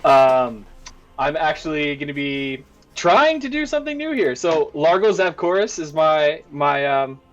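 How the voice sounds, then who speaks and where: A man with a slightly raised pitch chats casually as a game player. He makes light jokes at his own expense. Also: sing-song, a little slow, highs cut off. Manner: joking, self-deprecating. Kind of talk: casual chat.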